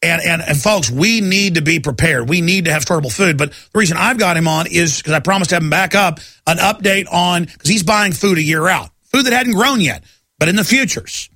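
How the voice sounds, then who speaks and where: Man, radio host, emphatic rant, dry studio sound, raised pitch. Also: fairly quick, sharp tone, no room sound. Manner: ranting, emphatic, many restarts. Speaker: radio talk show host. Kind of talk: talk radio monologue. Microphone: studio microphone.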